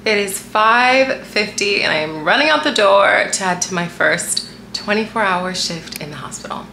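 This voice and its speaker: Young woman, twenties, casual vlog chat, phone camera, candid, says "like" a lot, mid pitch, faint background noise. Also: expressive, normal speed, bright, forceful tone. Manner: chatty and candid, peppered with "like". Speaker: medical student vlogger.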